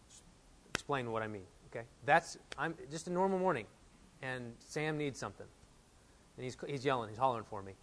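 A man's voice: mid-range voice, slight background noise. Earnest man preaching a sermon. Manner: earnest, animated, reads quotes aloud. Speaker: pastor.

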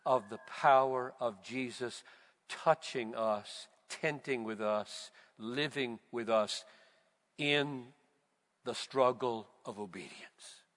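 A man preaching a sermon, slow and emphatic, building to loud, fervent repetitions. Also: medium pitch. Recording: long reverb of a large hall.

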